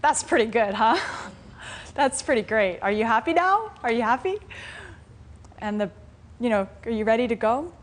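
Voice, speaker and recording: A woman's voice: fairly high pitch, lively intonation, normal speed, close to an everyday voice. A woman voicing a generous, noble male king in a told fable, speaking earnestly. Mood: pleased. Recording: faint room noise in a live class.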